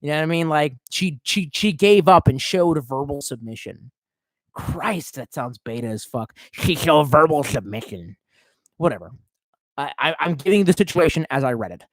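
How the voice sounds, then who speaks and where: A man's voice: on the high side, lively intonation, normal speed, no echo. A tipsy man streaming live, reading out chat and rambling in a profane, off-the-cuff way. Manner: profane, rambling, swerving between mumbles and outbursts.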